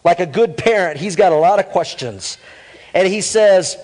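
A male pastor preaching a humorous, animated sermon, calling out to his congregation. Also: high voice, moderate pace.

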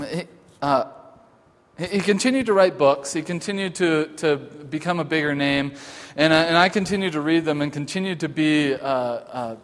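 A male pastor gives an informal sermon with a somewhat raised pitch. He speaks in a halting, conversational way, full of restarts and filler sounds. His voice carries a long echo through a church sanctuary. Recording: long hall reverb.

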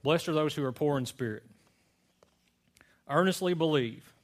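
A man preaching a sermon to his congregation in a relaxed, conversational storytelling way. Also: on the high side, normal speed. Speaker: pastor.

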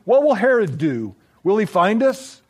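A man voicing a lonely, frightened teenage girl who pleads in a soft, breaking voice. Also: high voice, very animated, a little slow, heavily acted. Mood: pleading.

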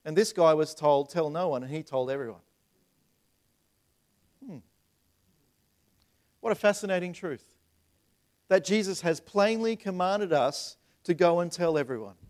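A man's voice: fairly high pitch, lively intonation, unhurried, pauses often, a little mellow. A man preaching a sermon as a pastor, asking the room rhetorical questions and stumbling over repeated words. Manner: acts out voices in retold scenes.

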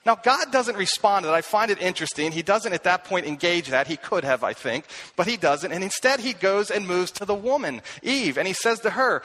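A man preaching a sermon, telling the story with animated delivery and acting out the voices he quotes. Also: sits high, moderate pace. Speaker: pastor.

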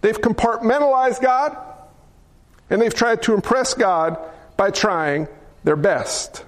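A man's voice: sits high, slow. A man preaching a sermon, emphatic, asking rhetorical questions and acting out the people he quotes. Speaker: pastor.

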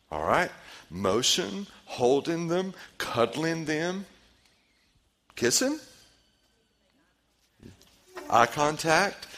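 A man's voice: mid-range voice, fairly bright tone. A man in his forties, a pastor leading a parenting seminar, who asks the audience questions and repeats their answers. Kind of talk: interactive seminar talk.

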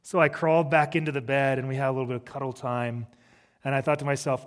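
A man's voice: medium pitch, level tone, fast. A middle-aged man preaching a sermon, conversational, with humorous asides. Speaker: pastor.

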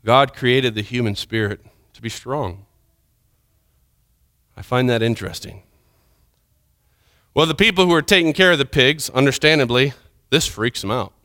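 In clean, dry studio audio, a man delivers a sermon that retells a scripture story, moving dramatically between urgent, loud sections and hushed, quiet ones. He speaks at medium pitch and normal speed, pausing often.

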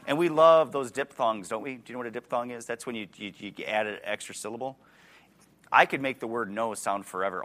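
A man's voice: mid-range voice, brisk, fairly bright tone. A man in his forties with a Wisconsin accent, preaching a sermon in a conversational way and putting questions to his listeners. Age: 40s. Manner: conversational, asks the audience questions, restarts words.

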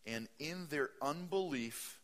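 A man preaching a sermon. He reads scripture aloud, stops to comment, and swings between loud bursts and hushed asides. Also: fairly high pitch, animated, slow, in a large hall. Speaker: pastor.

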